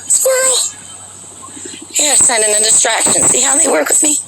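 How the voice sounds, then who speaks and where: A woman's voice: a little high, fast, vocal fry, heavy background noise. A woman vlogger telling a long personal story to her viewers in a rambling, chatty way, full of fillers, outdoors near a capitol building. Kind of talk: casual storytelling to camera.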